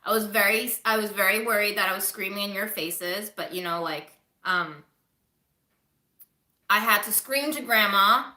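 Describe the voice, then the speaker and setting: A woman's voice: medium pitch, moderate pace, sharp tone, reverberant. A woman recovering from covid, chatting candidly to viewers on a home livestream, swearing casually. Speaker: livestreaming vlogger.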